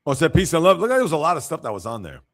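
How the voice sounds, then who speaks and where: Opinionated male sports host with gravelly voice. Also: a little high, huge pitch swings, rapid-fire. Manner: opinionated, reacting to viewer comments; blunt and emphatic when criticizing. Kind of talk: casual livestream sports commentary.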